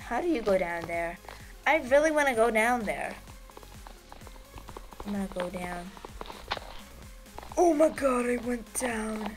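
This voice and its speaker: Woman, gaming channel host, casual commentary, excitable, giggly, lively pitch, faint game music. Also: takes it slowly, long pauses. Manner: excitable, giggly, squeals with delight.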